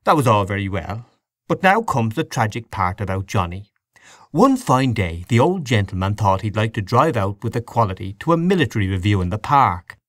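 A man's voice: fairly low pitch, very animated, normal speed, dry recording, studio quality. A man reading a story aloud, voicing a genial man telling a comic tale in a wry, mock-grand way.

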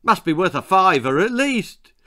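A man's voice: sits high, very animated, normal speed, sharp tone, dry recording, studio quality, voice pushed up, heavily acted. Brazen lying girl, as a man puts her on. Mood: cheeky. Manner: brazen, matter-of-fact.

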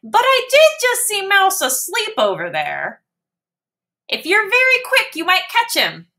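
A woman reading a picture book aloud, voicing a tiny, squeaky mouse who pretends to be something else. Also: huge pitch swings, measured pace, sharp tone, full character voice. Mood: coy. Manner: squeaky and coy. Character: tiny squeaky mouse fibbing about being a monster.

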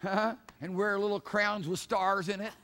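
High-voiced preacher, swinging soft to loud. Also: male voice, level tone, moderate pace. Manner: swings from low murmurs to loud, shouted emphasis; folksy preaching with rhetorical questions. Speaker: pastor. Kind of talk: sermon. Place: church sanctuary.

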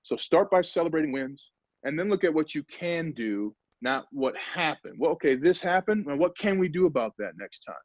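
A former pro football player speaking energetically and emphatically in a motivational talk over a video call. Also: male voice, on the high side, moderate pace, no echo. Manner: energetic, emphatic, acts out quotes. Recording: dull lo-fi video call audio.

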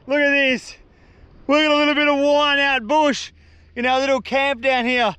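A young Australian man vlogging a solo survival trip outdoors, excitable and slangy, talking straight to camera. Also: very high voice, moderate pace, no echo. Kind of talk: casual outdoor vlog. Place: outdoors on a beach in the bush.

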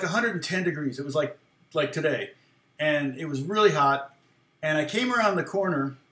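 A man's voice: on the high side, fairly bright tone. Chatty man telling a story, echoey room. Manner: rambling, laughs often, acts out quoted lines. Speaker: guitar teacher and former worship leader. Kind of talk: casual storytelling.

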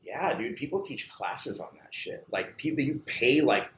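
A man who owns a barbershop, chatting casually as a guest, animated and swearing freely with lots of "like" fillers. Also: mid-range voice, moderate pace. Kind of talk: casual chat. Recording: roomy echo, faint background hum.

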